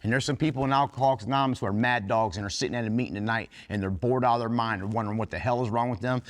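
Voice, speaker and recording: A man's voice: medium pitch, steady tone, racing. A man speaks at a recovery workshop in a folksy, earnest way, blunt and unpolished with the odd curse. His voice sits in an ordinary middle register. The sound carries a long reverb from a meeting hall. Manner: plain-spoken, earnest, folksy with mild cursing. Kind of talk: informal recovery workshop talk.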